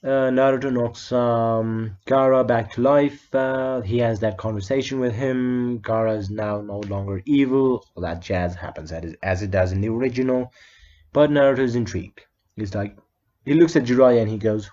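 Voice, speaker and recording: A man's voice: mid-range voice, normal speed, dark tone. A man casually telling a fan story in a loose, chatty way, swearing now and then, on a slightly dull lo-fi recording.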